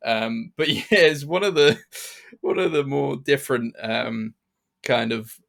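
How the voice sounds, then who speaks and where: A man's voice: medium pitch, a little slow, gravelly, fairly bright tone. A man co-hosting a podcast, chatting casually about a film and often restarting his sentences. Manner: hesitant, many restarts and fillers. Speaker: podcast co-host. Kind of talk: casual film review chat.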